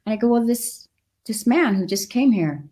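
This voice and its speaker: A middle-aged woman, a guest in an interview, telling a personal story with animated delivery and acting out the voices in it. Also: a little high, normal speed.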